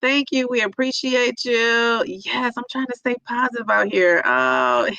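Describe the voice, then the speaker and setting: A woman's voice: fairly high pitch, animated, takes it slowly, creaky, bright, forceful tone, no echo, lo-fi sound. A middle-aged woman livestreaming, chatting emotionally and tearfully with viewers while reading the chat, with lots of fillers. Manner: emotional, teary, many fillers. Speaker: vlogger reading live chat.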